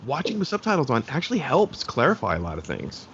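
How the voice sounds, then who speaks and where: A man's voice: medium pitch, wildly swooping pitch, fast, a bit bright, slightly rough. A man chatting casually on a podcast, telling rambling stories. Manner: rambling, anecdotal. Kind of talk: casual chat. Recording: muffled, faint background noise.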